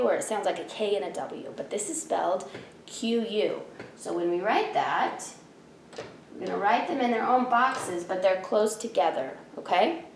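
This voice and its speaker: A woman's voice: medium pitch, echoey room, slight background noise. A woman teacher in her thirties giving a spelling lesson from home, patiently sounding out each letter.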